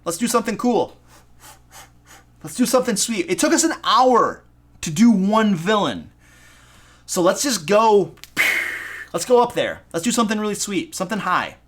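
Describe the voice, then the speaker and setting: A man from Michigan with a Michigan accent, hosting a casual live stream as a dungeon master, excitable, goofy and self-deprecating. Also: high voice, moderate pace, pauses often. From Michigan, USA. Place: home room.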